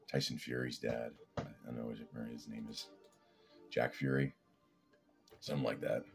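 A man's voice: rumbling low, vocal fry. A man from Canada rambling casually as a fitness vlogger, laid-back and swearing now and then.

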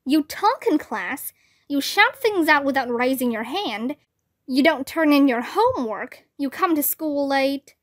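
A woman's voice: sits high, expressive, unhurried. A woman reading aloud voices a strict male ghost teacher who explains rules.

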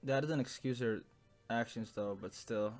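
A young man reacting to an anime episode in casual commentary, emotional and swearing, swinging from low muttering to loud outbursts. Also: a little slow, faint music behind.

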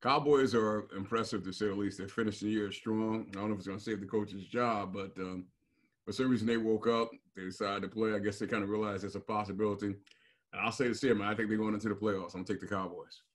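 A man's voice: lowish voice, steady tone, fast talker. A man co-hosting a sports talk show, teasing the others and making his points emphatically. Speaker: co-host.

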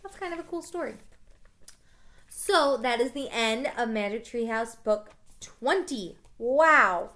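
A woman's voice: fairly high pitch, unhurried. A woman teacher reading a children's book aloud in a casual storytelling way, with small slips.

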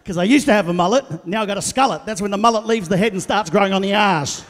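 Middle-aged guy doing stand-up on a big theatre stage, high voice, loud and animated, long echo off the hall. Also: quick pace. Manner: loud, animated, shouting punchlines and playing quoted voices. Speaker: stand-up comedian. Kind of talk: stand-up comedy routine. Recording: live theatre with long reverb.

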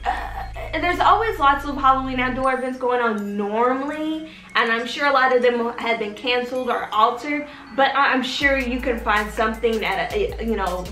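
A woman's voice: fairly high pitch, sharp tone. A woman hosting a casual advice vlog, chatty and talking straight to her viewers, checking in with "okay?" all the time. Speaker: vlogger, channel host. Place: her home in Texas. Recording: roomy room with faint background music.

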